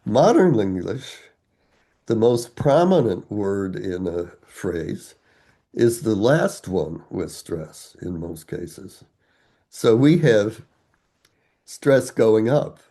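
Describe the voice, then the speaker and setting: An older man being interviewed as an author, explaining his work in a deliberate way with frequent fillers. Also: fairly low pitch, animated, mellow. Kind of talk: explaining and reciting verse.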